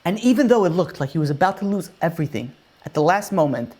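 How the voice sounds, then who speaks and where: A man, a rabbi giving a Torah lecture and telling a story with lively acted-out dialogue. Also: fairly high pitch, fast talker. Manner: animated storyteller acting out dialogue.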